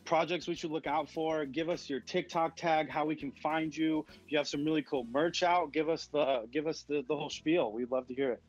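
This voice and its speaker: A man's voice: a little high, steady tone, normal speed, hardly any pauses. Effusive man interviewer, dull lo-fi audio. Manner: warm, effusive in his thanks, easily moved. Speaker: interviewer and club host. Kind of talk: casual interview over an audio chat app.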